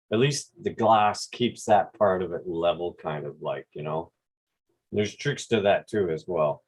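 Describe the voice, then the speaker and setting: A man with a Quebec accent, hosting a relaxed, rambling livestream chat over a video call with some mild swearing. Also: fairly low pitch, breathy edge. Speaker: drone channel host.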